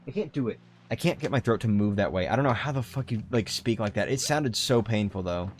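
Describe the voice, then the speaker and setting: A man's voice: fairly low pitch, animated, a little fast. A young man in his twenties chatting casually on a game livestream, rambling, swearing often and restarting his sentences. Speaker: game streamer. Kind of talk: casual gaming livestream chat.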